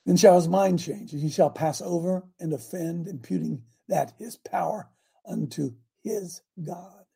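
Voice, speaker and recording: A man hosting a preaching broadcast, reading scripture aloud and breaking into fiery, animated asides. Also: high voice, a little slow, vocal fry, husky. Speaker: radio preacher host.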